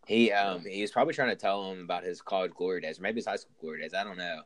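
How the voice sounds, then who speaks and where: Deep-voiced young man rambling about football. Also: quick pace, fairly bright tone, dry recording, rough recording. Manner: rambling, restarts sentences, Southern "y'all". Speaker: podcast host. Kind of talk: casual sports chat.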